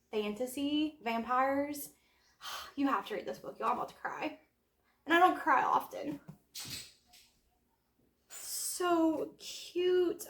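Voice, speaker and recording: A woman chatting excitedly as a book vlogger, gushing with drawn-out exclamations. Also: high voice, reverberant. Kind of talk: casual vlog chat.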